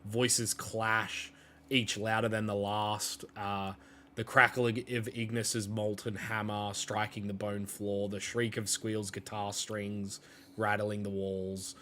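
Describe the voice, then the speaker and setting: A man runs a tabletop game, narrating at an unhurried pace with frequent fillers. His voice sits a bit low yet sounds bright and forward. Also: a little hiss or hum. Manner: relaxed, hesitant, many fillers. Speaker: game master.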